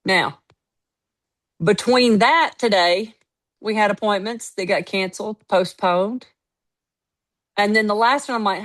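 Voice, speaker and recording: In a mid-range voice, unhurried and pausing often, a network marketing team leader gives an informal motivational talk. She narrates stories with energy and emphasis, quoting others by acting them out.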